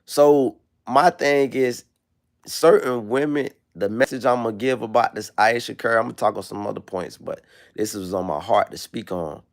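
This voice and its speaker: A man's voice: medium pitch, normal speed. A man hosting a livestream, ranting in a casual, profane and slangy way. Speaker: livestream host. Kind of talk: casual rant.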